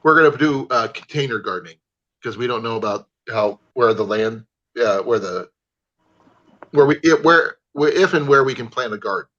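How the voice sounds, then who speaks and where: A man hosts a casual livestream chat. His voice is bright and forward, and he rambles in an easygoing way, restarting sentences. The sound is a dull, lo-fi stream feed. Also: mid-range voice, lively intonation, normal speed. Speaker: livestream host. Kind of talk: casual video-call chat. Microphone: livestream call audio. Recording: lo-fi livestream audio.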